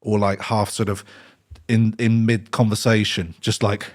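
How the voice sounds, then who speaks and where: A man's voice: lowish voice, measured pace. A man, a podcast guest chatting casually and acting out his stories with frequent laughs. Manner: animated storyteller, acts out scenes, laughs often.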